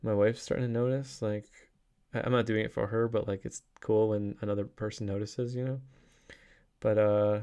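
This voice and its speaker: A man's voice: fairly low pitch, moderate pace, clear, resonant tone. A young adult man talking through a casual daily vlog, rambling upbeat with many restarts and fillers. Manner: upbeat, excited. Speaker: vlogger.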